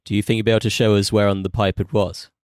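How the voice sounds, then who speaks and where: A man's voice: fairly low pitch, level tone, racing, a little mellow, dry recording, studio quality. A man playing a tabletop game who talks in a chatty, jokey way. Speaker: player. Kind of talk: casual tabletop game play.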